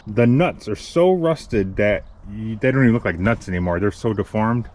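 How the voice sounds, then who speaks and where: A man's voice: on the low side, expressive, moderate pace, darkish tone. A man giving casual, self-mocking running commentary as he works on a truck outdoors in the cold wind. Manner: wry, self-mocking, mutters while working. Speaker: DIY garage vlogger.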